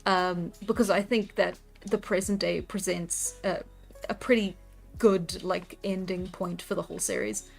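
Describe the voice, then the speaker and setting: A woman's voice: fairly low pitch, fairly even intonation, a little slow, vocal fry. Giggly young woman chatting on stream. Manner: giggly, chatty, frequent laughter and restarts. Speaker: livestreamer and artist. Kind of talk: casual live-stream chat while drawing. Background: faint background music.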